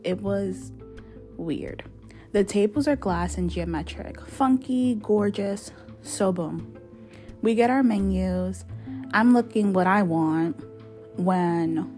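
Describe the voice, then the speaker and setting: A woman reads a fictional journal aloud in a chatty, sassy, confiding way. Her voice sits at a middle pitch. Faint music plays behind her. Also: animated, measured pace, a little mellow. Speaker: narrator. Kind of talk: dramatic reading of a fictional journal.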